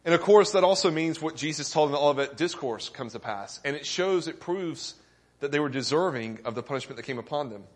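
Male pastor, slightly high voice, earnest sermon delivery, asks the congregation questions and builds emphasis. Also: expressive, a little fast.

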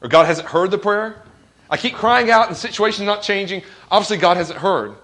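A man's voice: high voice, a little fast, fairly bright tone. A man preaching a sermon as pastor, earnest, asking the congregation questions and quoting scripture with rising emphasis.

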